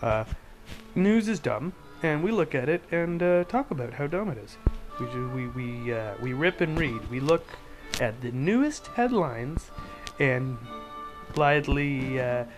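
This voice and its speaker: A man's voice: mid-range voice, expressive, a little slow, music in the background, poor audio. Rambling sarcastic male podcast host. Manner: rambling, sarcastic, full of fillers and restarts. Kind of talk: casual rant about news.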